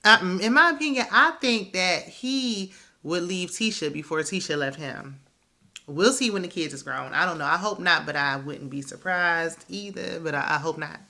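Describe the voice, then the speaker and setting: A woman's voice: on the low side, normal speed, bright, forceful tone. A woman hosting a casual reality TV recap, chatty and opinionated, who laughs often.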